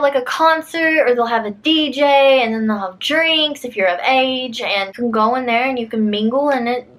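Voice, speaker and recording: A woman's voice: a little high, fairly bright tone. A woman in her twenties telling a casual storytime vlog, chatty, saying "like" a lot and laughing often. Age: 20s.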